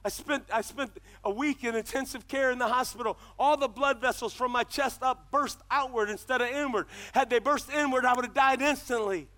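A middle-aged male pastor delivering a passionate sermon. His voice sits very high and rings bright and forceful. He swings between quieter, earnest stretches and shouted declarations. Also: a little fast, few pauses. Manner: impassioned preaching, builds to shouts.

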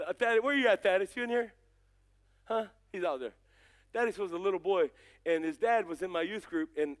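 A man with a very high voice preaches in church, swinging from folksy, joking asides aimed at people in the pews to fervent, shouted calls. His delivery is loose and conversational between the peaks of intensity. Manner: folksy and joking, addresses members of the congregation. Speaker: pastor. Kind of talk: sermon.

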